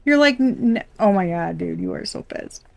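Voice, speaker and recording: A woman's voice: mid-range voice, lively intonation, normal speed, vocal fry, darkish tone, dry recording. A young adult woman doing a casual tarot reading, chatty and blunt, swearing and laughing often. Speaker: tarot reader.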